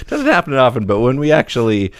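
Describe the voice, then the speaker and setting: A man co-hosting a podcast in a laid-back, joking way, laughing often and slowing down to read passages aloud. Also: mid-range voice, huge pitch swings, dry recording. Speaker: podcast co-host. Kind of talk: casual chat, reading a passage aloud.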